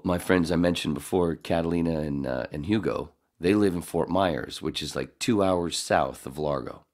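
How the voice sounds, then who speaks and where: A man telling a rambling, profane story in casual chat as a podcast co-host. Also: low voice.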